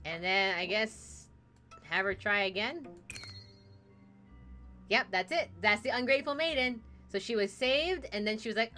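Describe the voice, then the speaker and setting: Female streamer, bright higher voice, playful story narration, game music faint behind. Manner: playful, narrates a fairy tale and hops into character voices. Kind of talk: casual gaming stream chat with acted story voices.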